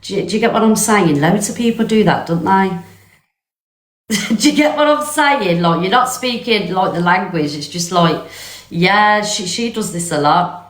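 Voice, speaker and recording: A woman's voice: mid-range voice, normal speed. A woman chatting casually on a live stream, reacting to clips in a gossipy way. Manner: chatty, gossipy, drops to a whisper for secrets. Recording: roomy echo.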